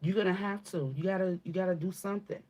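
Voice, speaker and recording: A woman's voice: fairly low pitch, steady tone, fast, darkish tone, dull audio. Blunt, casual woman giving a spiritual reading. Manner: casual and blunt, swears, calls listeners baby; emphatic, repeats and asks "okay?". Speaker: spiritual reader. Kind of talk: channeled spiritual reading to viewers.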